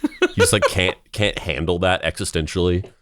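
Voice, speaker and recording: Man, podcast host, rambling and profane, lively pitch, dry close mic. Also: normal speed, dry recording. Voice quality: rambling, profane, filler-heavy. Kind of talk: casual chat and read narration.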